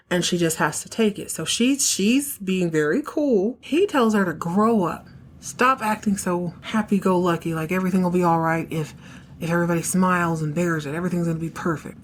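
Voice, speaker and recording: Woman podcast host, low-ish voice, slangy and opinionated casual recap. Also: slight background noise.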